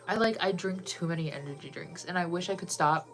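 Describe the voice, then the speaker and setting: A woman's voice: fairly low pitch, a little fast, fairly bright tone, faint music behind. A woman chatting casually with viewers on a live stream, bubbly and full of "like" fillers.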